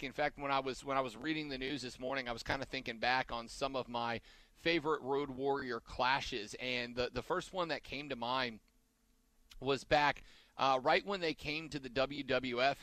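Male podcast host, bright dry voice, rambling and conversational, restarts his sentences often. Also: medium pitch, no room sound. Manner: rambling, trails off and backtracks mid-sentence. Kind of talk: casual wrestling podcast chat.

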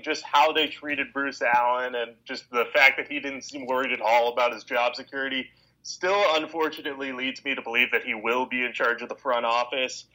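A man co-hosting a sports podcast, laying out his opinions in measured, organized reasoning. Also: mid-range voice, pushed and bright, low-quality recording. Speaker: podcast co-host. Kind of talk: casual sports podcast analysis.

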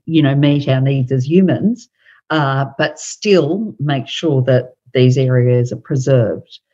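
A woman and author talking casually on a podcast, thoughtful and hesitant with many pauses and fillers. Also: rumbling low, darkish tone, highs cut off. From Australia. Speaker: author and guest.

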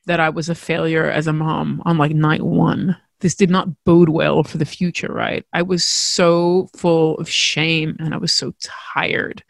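A woman with a fairly low voice tells a candid personal story. She is frank and expressive, mocks herself and swears casually. The recording is dry and close, with no room sound. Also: gravelly, no echo. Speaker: storyteller, mother.

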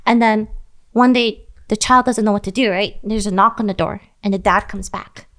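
A woman's voice: mid-range voice, fairly even intonation, moderate pace, fairly bright tone. A woman on a podcast, rambling and laughing as she makes up a strange story in casual chat. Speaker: podcast co-host.

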